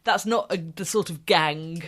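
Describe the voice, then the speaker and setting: A woman's voice: fairly low pitch, unhurried, a bit bright. A woman co-hosting a podcast, chatting casually about a TV show and laughing often. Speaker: podcast co-host. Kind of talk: casual TV review chat.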